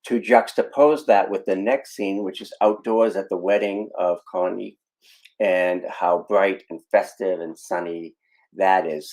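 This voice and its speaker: Deep-voiced man analyzing a film. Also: darkish tone, low-quality recording. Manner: casual, with fillers and explanatory asides. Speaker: podcast host.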